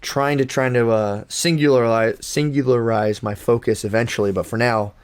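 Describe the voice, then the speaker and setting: A man's voice: mid-range voice, steady tone, normal speed, smooth. A young man co-hosting a podcast in casual chat, rambling with lots of fillers and restarts. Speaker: podcast co-host.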